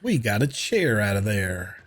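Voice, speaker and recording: A man's voice: lowish voice, big pitch swings, measured pace, fairly bright tone. An older man with a Southern US accent, chatting casually and joking with viewers while he streams a game. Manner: joking banter with chat. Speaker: livestreamer.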